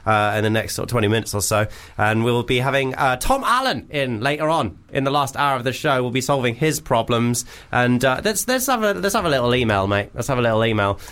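A man's voice: medium pitch, sing-song, a little fast, few pauses, fairly bright tone, smooth. A man co-hosting a radio show, bantering playfully and laughing often. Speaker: radio co-host.

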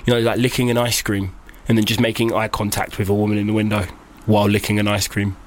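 A man's voice: lowish voice, flat delivery, fast, a little hiss or hum. A young man hosting a podcast in casual, joking chat, rambling and laughing as he talks. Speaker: podcast host.

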